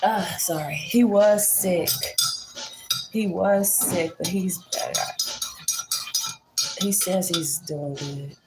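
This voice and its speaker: A woman's voice: on the low side, slow pace, pauses often, very noisy. A woman vlogger chatting casually to her viewers, folksy and talkative. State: congested. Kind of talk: casual chat to camera.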